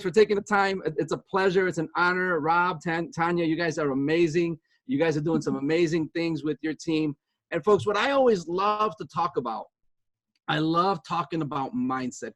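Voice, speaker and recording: A man in his fifties giving a motivational talk from home on a video call, chatty and long-winded, repeating himself as he goes. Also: no room sound. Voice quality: upbeat and chatty, high-spirited. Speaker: guest speaker on a video call. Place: home with pet dogs nearby.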